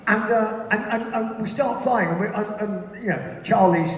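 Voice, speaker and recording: A man, telling comic anecdotes on a theater stage, animated and profane. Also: sits high, moderate pace, a little hiss or hum. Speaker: guest speaker. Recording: distant, echoey theater recording.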